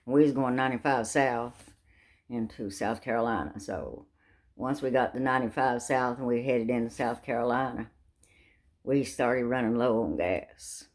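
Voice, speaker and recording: A woman's voice: a bass voice, normal speed. Woman, older, folksy, casual storytelling, sound effects.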